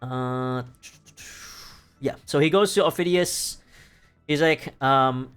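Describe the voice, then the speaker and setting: A young adult man streams from home, retelling a story in a loose, rambling way, full of fillers, free swearing, and laughing asides. His mid-range voice is fairly bright, clear, and resonant, and he takes his time with frequent pauses. Faint music plays behind him.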